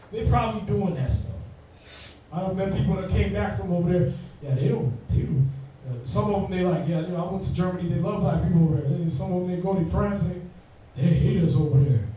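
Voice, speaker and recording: Brief: high-pitched male Bible class teacher, slangy and joking, miked from far off in a very echoey room. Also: brisk, dark tone, a little hiss or hum.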